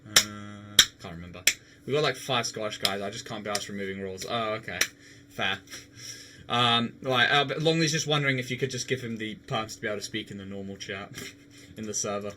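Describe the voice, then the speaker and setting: A man's voice: fairly low pitch, brisk, sharp tone, slight background noise. A young man chatting casually with viewers on a live game stream, laughing often and swearing now and then.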